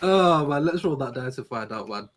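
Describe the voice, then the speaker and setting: A man's voice: medium pitch, lively intonation, normal speed, slight background noise. A young man co-hosting a casual advice podcast, laughing often and stumbling over his words as he teases. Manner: laughs often, stammers and restarts, playful teasing. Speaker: podcast co-host.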